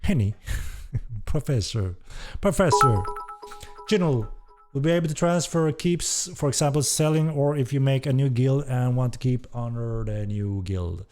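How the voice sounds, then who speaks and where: A game developer with a smooth, mid-range voice hosts a casual live-stream Q&A, reading chat questions at normal speed over faint background music. He sounds relaxed and hesitant and swears casually.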